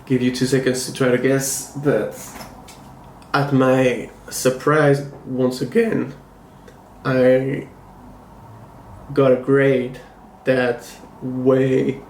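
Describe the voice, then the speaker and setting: Slow, flat-voiced man in a roomy space. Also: medium pitch, a little hiss or hum. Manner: measured, thoughtful, critical. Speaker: comic book collector and channel host. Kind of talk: casual review vlog talking to camera. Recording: roomy echo, faint ambience.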